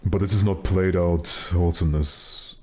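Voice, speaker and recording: Very deep-voiced young man streaming. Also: fairly even intonation, normal speed, warm tone, husky. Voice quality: naturally very deep voice. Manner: rambling, joking, profane, many fillers. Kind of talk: casual game-stream chat.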